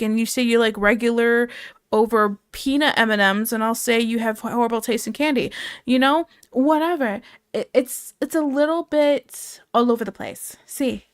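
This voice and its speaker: Streamer woman from Ohio, higher voice, dry close sound, rambling casual chat with viewers. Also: dry recording. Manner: chatty, rambling, easily sidetracked, answers chat aloud. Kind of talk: casual chat with live chat while drawing.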